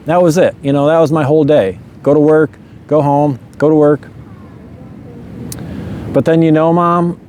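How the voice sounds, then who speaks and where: A man's voice: a little high, moderate pace, long pauses, a little mellow, slight background noise. A man telling a personal story in a loose, rambling way, often saying "you know" and chuckling.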